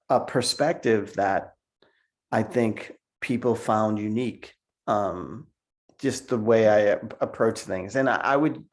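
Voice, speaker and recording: A middle-aged man, a cartoonist, telling stories in a casual interview over a video call, laughing often and repeating words as he goes. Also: lowish voice. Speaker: cartoonist guest.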